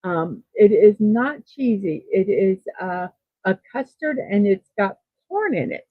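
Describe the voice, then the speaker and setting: A woman's voice: medium pitch, expressive, slow pace, slightly rough, no room sound. A woman hosting a daily morning livestream, chatting casually and reading out viewer comments, upbeat and full of fillers. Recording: tinny phone-like sound, dry.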